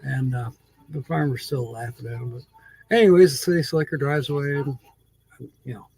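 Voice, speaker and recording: A man's voice: mid-range voice, normal speed, a little mellow, husky, no echo, poor audio. A man hosting his channel, casually telling a long joke in a rambling, chuckling way. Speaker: channel host.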